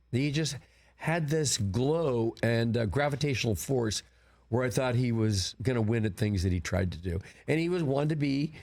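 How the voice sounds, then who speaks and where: An older man being interviewed in a studio, with a voice of middle pitch. He tells long, rambling stories and brings them to life when he quotes people. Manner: rambling anecdotes, animated quoting. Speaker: film producer, guest. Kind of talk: casual interview storytelling. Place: broadcast studio.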